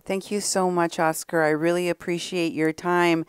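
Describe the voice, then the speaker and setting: A woman hosting a radio talk show, speaking in a polite, measured and steady way. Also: on the low side, clear, resonant tone.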